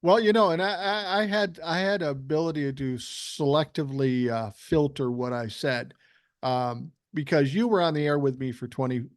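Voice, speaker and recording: An older man with a fairly high voice tells animated, profanity-laced stories in casual chat. The sound is dry and close. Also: moderate pace, dry recording. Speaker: podcast guest.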